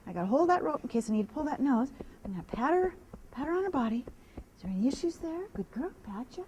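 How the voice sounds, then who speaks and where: High, lively woman trainer outdoors. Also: quick pace, slight background noise. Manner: soothing praise to the horse between explanations. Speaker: horse trainer. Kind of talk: instructional talk while working a horse.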